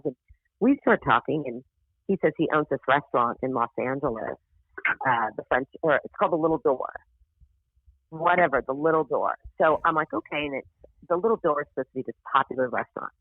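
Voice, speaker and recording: Speaking briskly in an extremely low, husky voice, a woman comic guesting on a podcast chats casually through a story. She's animated, curses freely, and imitates the voices of its characters. The tinny, phone-like recording has no echo.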